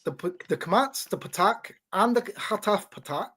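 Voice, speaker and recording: A man with a slightly higher voice than most talks through an explanation in a loose, casual way. He stumbles and restarts often, repeats his words, and keeps checking in with his listener. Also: expressive, normal speed, sharp tone. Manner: teaching tone, checks in with "right?". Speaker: podcast host.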